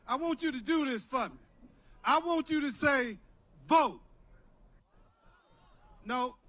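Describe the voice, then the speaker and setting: Older male rally speaker, preacherly call-and-response, high-pitched, deliberate. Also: bright, forceful tone. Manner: preacherly, rousing, repetitive. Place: outdoor drive-in rally.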